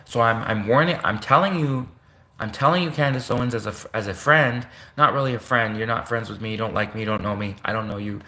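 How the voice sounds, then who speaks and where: A man's voice: fairly low pitch, fairly even intonation, fast talker, hardly any pauses, pushed and bright. A man from Canada rambling on a livestream, correcting himself as he goes. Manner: rambling, self-correcting, addresses a public figure directly.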